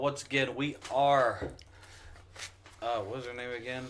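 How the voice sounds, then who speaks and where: A man's voice: mid-range voice, steady tone, measured pace, fairly bright tone, a little hiss or hum. Joking man running a tabletop game. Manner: joking, rambling with fillers. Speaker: game master. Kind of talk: casual tabletop game intro.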